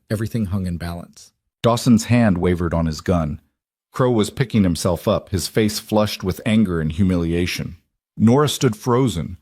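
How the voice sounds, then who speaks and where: A man narrating a dramatic western romance story in a measured voice. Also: on the low side, darkish tone, slightly rough, no echo, studio quality. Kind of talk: scripted audiobook narration.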